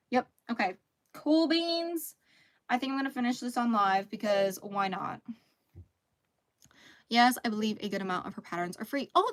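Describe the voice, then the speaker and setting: On a relaxed live crochet stream, the host, a woman in her thirties with a voice on the high side, chats casually. She often laughs and reads out messages from the chat.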